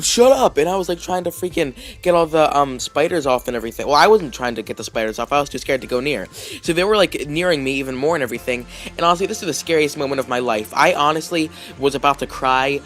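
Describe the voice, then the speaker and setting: A man's voice: fairly high pitch, fairly bright tone. A man vlogging, telling a story casually with lots of fillers, restarts and "like"s. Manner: rambling, heavy with fillers and restarts.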